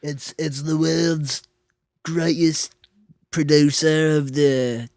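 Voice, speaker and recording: A man co-hosting a casual comedy chat, telling stories in a deadpan, mock-serious way. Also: fairly high pitch, slow, no room sound, studio quality. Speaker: podcast co-host.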